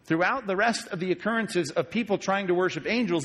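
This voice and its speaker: A man's voice: high voice, a little fast. A man, a pastor, teaching a sermon on Bible passages in a conversational way, often asking his listeners questions. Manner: conversational, animated, asks the audience questions.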